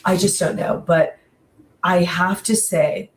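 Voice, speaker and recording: Chatty woman with a lowish voice. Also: takes it slowly, distant mic. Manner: animated, frequent "like" and laughs, exaggerated emphasis. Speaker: guest podcast co-reviewer. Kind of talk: casual chat.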